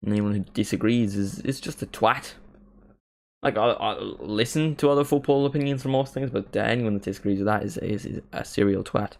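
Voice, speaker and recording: A man's voice: on the low side, fairly quick, vocal fry. A man from Northern Ireland with a mild Northern Irish accent, hosting a live football watchalong in a casual, chatty way that includes free swearing. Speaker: watchalong host.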